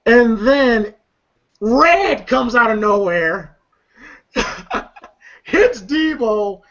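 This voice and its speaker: A man's voice: very high-pitched, lively intonation, very slow, fairly bright tone. A man casually recapping a movie scene, rambling with lots of fillers, swearing freely and laughing often. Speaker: movie reviewer. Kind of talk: casual commentary. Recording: lo-fi dull audio.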